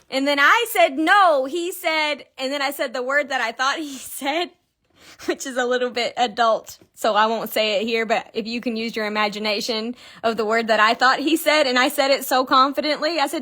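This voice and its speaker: A woman's voice: high voice, moderate pace, fairly bright tone. A woman with a Kentucky accent giving a casual, chatty crochet lesson on a live stream, giggling and telling stories as she works. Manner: chatty, giggly, tells stories while working. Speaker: crochet instructor.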